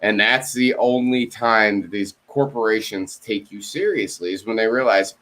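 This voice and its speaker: A man's voice: lowish voice, unhurried, pushed and bright. A man in a casual video-call chat, telling a story with lots of swearing and acting out both sides of phone calls. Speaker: co-host.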